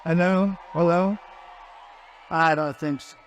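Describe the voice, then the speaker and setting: A man's voice: high-pitched, moderate pace, gravelly, a little hiss or hum. A man giving a rambling, combative rally speech into a stage microphone at a large venue. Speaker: political rally speaker. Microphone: handheld stage microphone. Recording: long reverb of a large hall.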